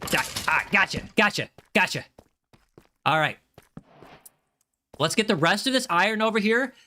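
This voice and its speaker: A slightly high, bright and forceful male voice with an American accent, talking his way through a live game stream. He rambles, repeats phrases and restarts sentences, and breaks off to thank viewers in chat. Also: lively intonation, a little slow. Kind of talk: live gaming commentary.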